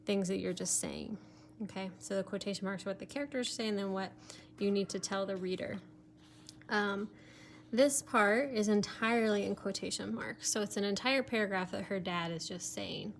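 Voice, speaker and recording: A woman's voice: mid-range voice, a little hiss or hum. A woman teacher giving a recorded remote lesson, explaining step by step with many fillers, sometimes turned away from her computer mic.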